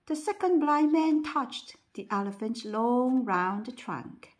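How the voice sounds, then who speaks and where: A woman reading a bedtime story aloud. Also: fairly high pitch. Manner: slow, lively storybook reading.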